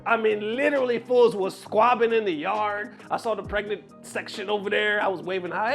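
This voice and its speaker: Animated high-voiced young man telling a story. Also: brisk, few pauses, faint music behind. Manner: animated, slangy, addresses viewers. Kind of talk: storytime vlog.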